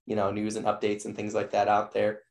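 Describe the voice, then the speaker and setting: Male podcast host, hoarse, fry-heavy low voice, rambling and enthusiastic. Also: completely flat delivery, a little fast, darkish tone. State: losing his voice. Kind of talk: casual interview wrap-up.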